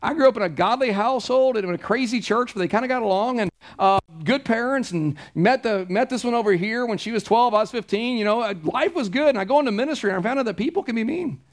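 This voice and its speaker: A middle-aged pastor with a drawl and a notably high-pitched voice delivers a sermon in a church. He preaches in a chatty, anecdotal way and leans hard into his points. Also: fast talker, hardly any pauses. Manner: conversational preaching, anecdotal and emphatic.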